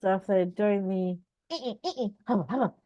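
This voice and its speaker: A woman's voice: mid-range voice, a little fast, warm tone, no room sound, lo-fi sound. Giggly woman playing trivia. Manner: playful, silly, giggly storytelling. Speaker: trivia game player, channel host. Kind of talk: casual party game chat.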